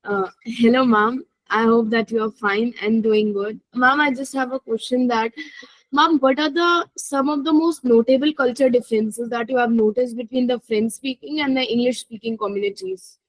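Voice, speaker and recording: A woman's voice: a little high, normal speed, no room sound, poor audio. Polite woman student on a video call. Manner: polite, formal. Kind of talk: asking a question in class.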